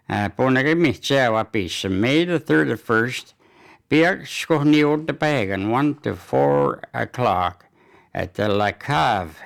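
Community announcements and hockey updates come from a man with a medium-pitched, creaky voice. He speaks haltingly, often restarting and filling pauses.

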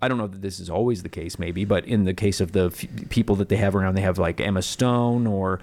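A man with a fairly low voice talks through a film review in a loose, casual way. He circles his points, starting over and filling gaps with "uh" and "like" as he goes. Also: darkish tone. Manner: rambling, halting, with many fillers and restarts.

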